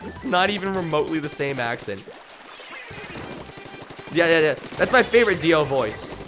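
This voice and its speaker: A man streaming a video game late at night, tired and rambling, with sudden bursts of shouting. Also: a little high, lively intonation, moderate pace, music in the background. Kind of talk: live gameplay commentary.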